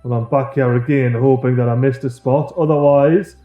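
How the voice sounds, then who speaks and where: A man chatting excitably through a let's-play video and talking to his game characters. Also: medium pitch, normal speed, highs cut off, soft background music. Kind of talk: casual gameplay commentary.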